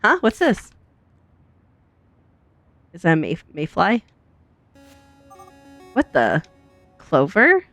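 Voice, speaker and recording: A woman gaming streamer reacting out loud to a game in an expressive, exclaiming way. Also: fairly low pitch, very slow, long pauses, soft background music. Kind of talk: let's play reactions.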